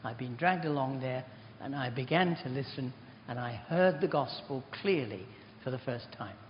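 A man's voice: mid-range voice, animated, moderate pace, a little hiss or hum. Older man preaching in a hall. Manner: rambling, chatty, self-deprecating. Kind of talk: informal sermon with anecdotes. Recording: dull recording in a reverberant hall.

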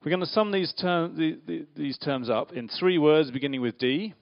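A man's voice: on the high side, normal speed, gravelly. A man giving an interactive church talk, playfully questioning the audience and directing a volunteer. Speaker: preacher giving a children's talk. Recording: dull lo-fi sound.

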